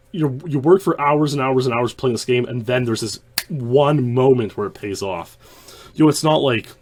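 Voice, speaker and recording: A man's voice: fairly low pitch, darkish tone. A man hosting the show, talking through the clip in casual, rambling commentary full of restarts. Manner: rambling, many restarts and fillers. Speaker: host.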